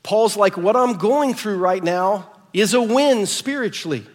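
A middle-aged man with an American accent, preaching a sermon and telling family stories in an animated way, acting out the dialogue. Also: high voice, unhurried. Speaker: pastor. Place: church sanctuary. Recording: reverberant church hall.

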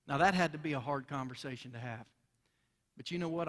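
High-voiced preacher in a reverberant hall. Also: male voice, brisk, fairly bright tone. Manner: earnest, emphatic preaching with rising intensity. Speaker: pastor. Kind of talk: sermon. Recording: long reverb of a large hall.

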